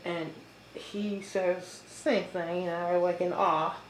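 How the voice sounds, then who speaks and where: A woman talking in a casual, halting monologue full of fillers, chewing as she speaks. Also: lowish voice, fairly even intonation. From United States. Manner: rambling, halting, with many fillers. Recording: echoey room with faint noise.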